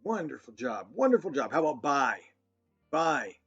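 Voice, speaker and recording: A man teaching a children's phonics lesson, sounding out words slowly and praising often. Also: mid-range voice, big pitch swings, husky. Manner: slow, encouraging, praising often. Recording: dull lo-fi sound with faint music.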